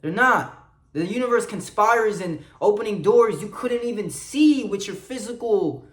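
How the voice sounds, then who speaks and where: An earnest man delivers a motivational sermon-like monologue, his voice sitting slightly high for a man. He moves between hushed confiding and loud, pressing encouragement. The recording has a noticeable roomy echo. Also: expressive, measured pace. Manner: earnest, preachy, swings between soft confiding and loud urging. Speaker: motivational vlogger.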